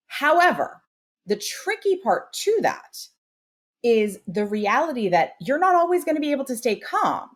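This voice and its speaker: A woman hosts a parenting podcast and lays out her advice in an earnest, explanatory way. Her pitch moves in a lively way. She pushes hard on the points she wants to land. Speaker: podcast host and parenting expert. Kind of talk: conversational advice.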